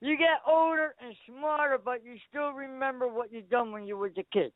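A man's voice: very high voice, steady tone, moderate pace, no echo. A man calling in to a radio show, rambling and repeating himself. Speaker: caller. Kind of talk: casual phone call. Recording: tinny phone line.

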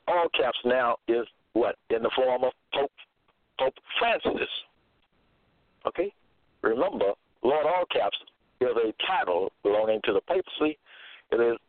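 A man teaching scripture in a deliberate, repetitive way, quoting verses and checking in with "okay?" as he goes. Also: mid-range voice, no echo. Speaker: preacher. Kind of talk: slow scripture teaching monologue. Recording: tinny phone-line sound, dry.

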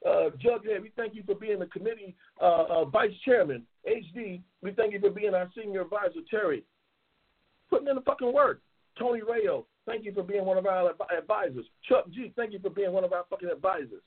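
A man's voice: sits high, brisk, breathy edge. Angry profane man on a tinny line. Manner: angry, profane, repetitive ranting. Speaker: talk show host. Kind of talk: profane ranting monologue. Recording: tinny phone-line audio.

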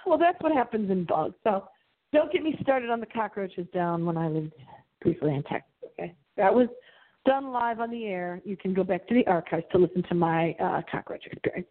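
A woman hosting a late-night radio show, chatting about movies in an animated, dramatic way. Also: mid-range voice, a little fast. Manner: animated, dramatic, gasping and singing for effect. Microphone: phone held to the computer. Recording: tinny phone-like line.

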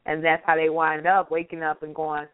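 Radio co-host lady, lowish voice, dry tinny line, casual chat. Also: monotone, brisk, clear, resonant tone, no echo. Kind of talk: casual chat and shout-outs. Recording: dry phone-line sound.

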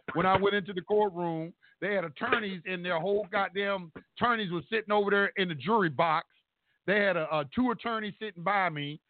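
A man telling a story in a casual, animated and profane way, acting out the people he talks about. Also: high-pitched, no room sound. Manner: animated, profane, acts out courtroom exchanges. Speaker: storyteller recounting court experience. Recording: dry tinny phone-like sound.

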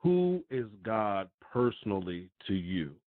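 Male radio host, lowish voice, upbeat, tinny phone sound. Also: sing-song, slow pace, dry recording. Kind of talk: interview hosting. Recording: phone-like line, dry.

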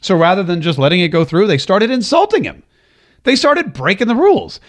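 A man's voice: high-pitched, big pitch swings, brisk. A male talk radio host delivering a political monologue, sarcastic and emphatic, repeating phrases for effect.

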